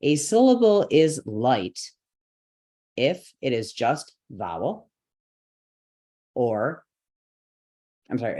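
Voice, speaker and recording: A man's voice: medium pitch, darkish tone. Patient man teaching step by step. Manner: patient, step-by-step explaining, with light laughs. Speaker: yoga and mantra teacher. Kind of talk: online lesson.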